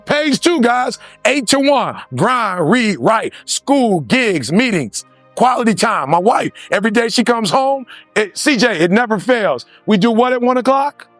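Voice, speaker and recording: A man's voice: sits high, unhurried, hardly any pauses, no room sound. Man, motivational speaker, emphatic, dry close sound, faint music underneath. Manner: animated, emphatic, repeats lines, acts out other voices. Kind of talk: motivational speech.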